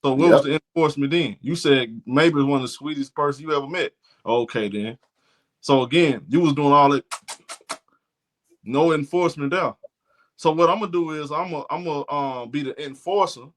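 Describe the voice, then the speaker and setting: A man's voice: a little high, normal speed. A man hosting a sports talk show, giving blunt, indignant commentary and often repeating himself.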